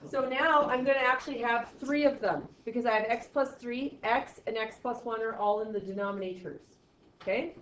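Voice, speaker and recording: A woman's voice: a little high, brisk, a bit bright, a little hiss or hum. A woman teaching a math class, explaining steps aloud with playful, sarcastic asides to her students. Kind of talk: classroom lecture. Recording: echoey, distant, dull classroom audio.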